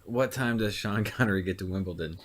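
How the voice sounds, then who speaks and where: A man's voice: lowish voice, a little fast, a little hiss or hum. A young man co-hosting a casual podcast, laughing easily and reacting with dramatic exclamations. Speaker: podcast co-host.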